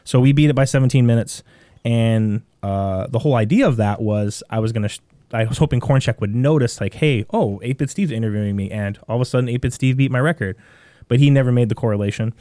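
A man with a Midwestern American accent, a podcast guest telling a long story in a rambling, animated way with many restarts. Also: mid-range voice, fast, no echo, clean studio sound. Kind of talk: casual storytelling.

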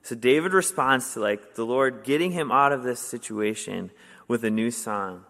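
A young adult man preaching a sermon in a casual, conversational way, with many fillers, getting animated when he tells stories. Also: medium pitch, moderate pace, creaky. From Wisconsin, US. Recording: long hall reverb.

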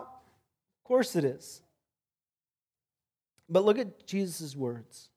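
A male pastor with a notably high voice delivers an animated sermon. He tells the story vividly, rising loud and then dropping to a quiet intensity. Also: drawn-out words, breathy edge. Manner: animated storytelling, swings between loud and soft.

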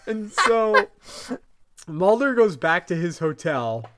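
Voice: mid-range voice, sing-song, slow, background noise. A podcast co-host in a casual chat, recapping a TV episode, laughing often and quoting the characters' lines. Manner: giggly, retells scenes by quoting characters.

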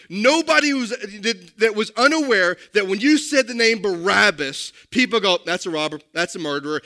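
A male pastor with a high, bright voice delivers a sermon. He speaks emphatically and keeps turning to the congregation with direct questions. His tone stays lively and forceful.

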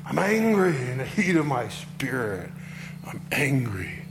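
A man voicing a bitter, angry ancient prophet in a plain, low-key first-person retelling. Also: big pitch swings, a little slow, noisy background.

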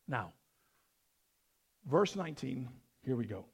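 A middle-aged man preaching a verse-by-verse sermon, swinging from loud emphatic lines to quiet, dropped asides. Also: medium pitch, very animated, slow, creaky, breathy edge. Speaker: pastor.

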